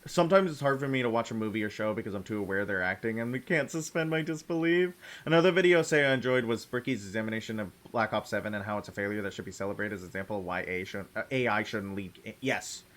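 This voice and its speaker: A man streaming a video game, chatting casually in a rambling, excitable way with sudden jumps in pitch and frequent laughter. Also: fast, few pauses. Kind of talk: casual chat while playing a game.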